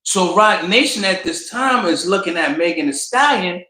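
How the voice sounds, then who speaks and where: Bright-voiced man giving animated commentary. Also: high voice, moderate pace, reverberant, poor audio. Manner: animated storytelling, colloquial, acts out quotes. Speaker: commentary host. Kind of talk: casual commentary.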